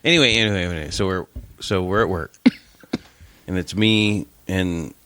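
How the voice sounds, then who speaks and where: A middle-aged man co-hosting a casual podcast, telling a story and jumping his voice up high for the people he quotes. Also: normal speed, a bit bright, dry recording. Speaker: podcast co-host.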